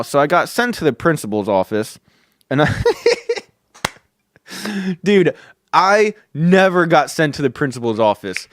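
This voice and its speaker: A man's voice: mid-range voice, dry recording, studio quality. A man hosting a podcast who tells a story in a casual way, with many fillers and free swearing. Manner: chuckling, swears freely, filler-heavy. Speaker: podcast host.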